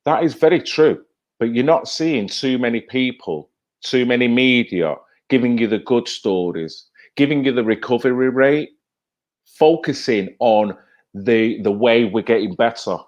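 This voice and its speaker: A man's voice: mid-range voice, a little slow, darkish tone, lo-fi sound. A man commenting on TV clips in a heated, emphatic rant, often tagging his points with "right?". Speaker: video commentator. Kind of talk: reacting to TV clips, ranting.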